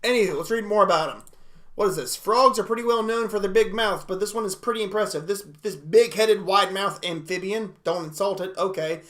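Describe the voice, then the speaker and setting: A young man hosting a casual reaction livestream, excitable and exclamatory, laughing often. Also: high-pitched. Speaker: livestream host.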